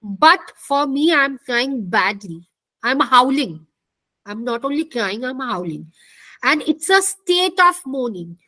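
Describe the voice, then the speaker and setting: A woman's voice: high voice, a bit bright, no room sound, rough recording. A woman lecturing an online counselling class, explaining step by step, repeating points and asking the class questions. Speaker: counselling instructor.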